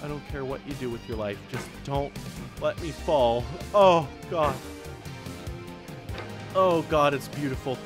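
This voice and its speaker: Slow-talking man in fretful gameplay commentary. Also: medium pitch. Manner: anxious exclamations, pleading and cursing at the game. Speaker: gaming video creator. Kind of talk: let's play commentary. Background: game music.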